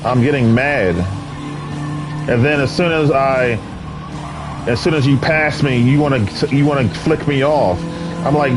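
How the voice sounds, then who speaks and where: A man's voice: mid-range voice, a little slow, long pauses, over music. A man ranting in an exasperated, rambling way, full of fillers, while commenting on his gameplay. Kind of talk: casual rant over gameplay.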